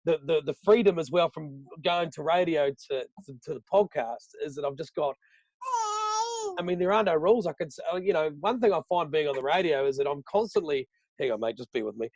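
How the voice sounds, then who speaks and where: NZ radio host as podcast guest; higher male voice, rambling, sweary, dry close sound. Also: fairly quick, no echo. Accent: New Zealand. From New Zealand, Southland. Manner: swears freely, rambling and animated. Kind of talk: casual chat.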